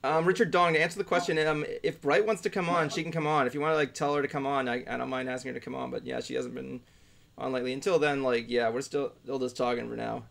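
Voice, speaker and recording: A man's voice: medium pitch, steady tone, fast, gravelly, fairly bright tone. A young man hosting a casual group podcast, reading out viewer questions and laughing often. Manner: laughs often, loose and rambling.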